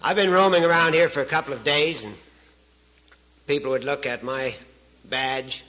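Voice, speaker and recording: Speaking as a guest to an audience, a Saskatchewan man in Canada tells stories in a folksy, joking manner and laughs at his own tales. His voice is medium-pitched and sharp at a moderate pace, with the high frequencies cut off.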